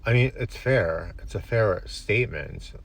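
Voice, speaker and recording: A man telling an absurd comic story to camera in a deadpan, rambling way. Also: lowish voice, measured pace, vocal fry.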